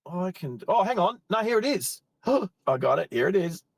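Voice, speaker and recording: A man's voice: sits high, sing-song, normal speed, vocal fry, dry recording. A middle-aged Australian man chatting casually on a live stream from a parked car on an outback roadside, rambling and cutting himself off mid-thought. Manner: chatty, rambling, self-interrupting. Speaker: live-stream driving host.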